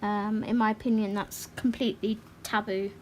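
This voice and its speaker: A woman's voice: mid-range voice, level tone, a little hiss or hum. A woman hosting a colouring livestream, chatting casually and rambling a little as she works. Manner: chatty and rambling, quick to laugh. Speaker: livestream host. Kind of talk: casual chat while colouring.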